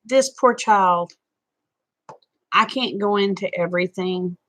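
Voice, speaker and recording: A woman's voice: medium pitch, slow, fairly bright tone. A woman chatting casually with viewers on a live stream, folksy and talkative. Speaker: vlogger.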